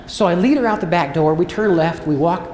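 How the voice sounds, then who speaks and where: A middle-aged motivational speaker delivers a storytelling keynote. He is animated and acts out the characters in his stories. The sound carries the long, roomy echo of a large hall, with faint background noise. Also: high voice, a little fast. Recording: echoey hall with long reverb.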